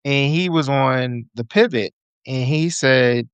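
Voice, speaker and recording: A man's voice: medium pitch, slow, smooth, no echo, dull audio. A man chatting as a podcast guest, telling loose, slangy, profane stories. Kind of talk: casual chat.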